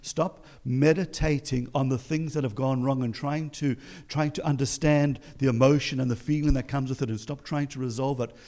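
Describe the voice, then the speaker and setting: A man's voice: mid-range voice, steady tone, normal speed, hardly any pauses, mellow. A man with a South African accent preaching an encouraging sermon as pastor, full of emphatic rhetorical questions.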